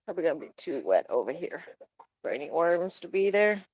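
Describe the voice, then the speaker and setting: A woman's voice: on the low side, sing-song, fairly quick, a little mellow, muffled recording. A woman chatting casually while she coaxes her pets with sing-song calls in a backyard. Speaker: pet owner vlogger. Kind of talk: casual chat to camera and animals. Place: backyard outdoors with chickens.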